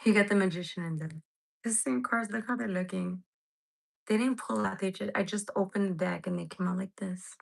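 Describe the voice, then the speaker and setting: Woman, tarot reader, slightly gravelly, middle pitch, rambling, heartfelt, casual cursing. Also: a little fast, low-quality recording. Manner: emotional, rambling, swears casually, talks to viewers directly. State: near tears. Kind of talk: casual live tarot reading.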